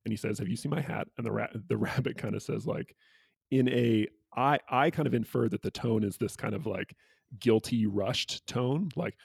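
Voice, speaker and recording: A man co-hosting a casual book discussion, retelling a picture book and slipping into quick quoted voices. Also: mid-range voice, gravelly, a little mellow, slightly rough, dry recording. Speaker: co-host.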